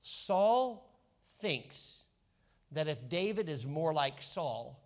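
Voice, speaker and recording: Male pastor, fairly high voice, animated storytelling sermon. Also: extremely slow. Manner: animated storytelling, acting out biblical characters.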